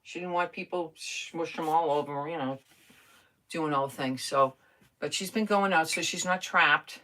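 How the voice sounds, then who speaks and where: A woman's voice: low-pitched, normal speed, sharp tone. An older woman chatting casually while crafting on a live stream, talking to herself and answering viewer comments.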